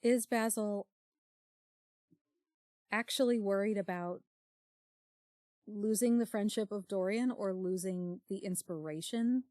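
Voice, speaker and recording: A woman's voice: mid-range voice, slow pace, long pauses, darkish tone, dry recording, clean studio sound. A woman co-hosting a book club podcast, summarizing the plot with wry, casual asides.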